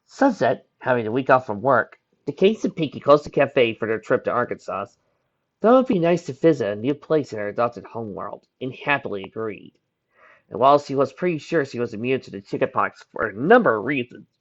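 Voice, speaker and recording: A man reading a fan fiction chapter aloud, his voice animated and moving a lot in pitch, with the odd slip he fixes on the go. The sound is muffled and lo-fi, like a home recording. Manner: lively reading with small slips. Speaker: narrator.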